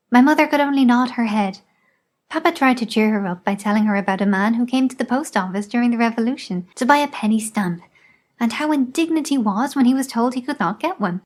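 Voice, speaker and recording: A woman reading a memoir aloud in scripted narration, measured and even. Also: a little high. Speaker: audiobook reader.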